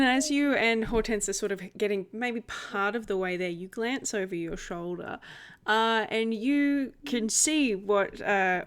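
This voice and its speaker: A woman's voice: mid-range voice, smooth. A woman narrating and running a tabletop role-playing game as game master, descriptive and giggly.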